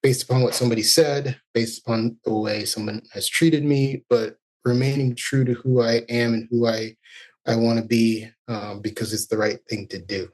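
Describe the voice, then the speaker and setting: Male educator guest, thoughtful and earnest, relaxed interview talk. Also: medium pitch, moderate pace. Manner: reflective, earnest, speaks in long thoughtful runs. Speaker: violinist and music educator, podcast guest. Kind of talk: casual interview chat.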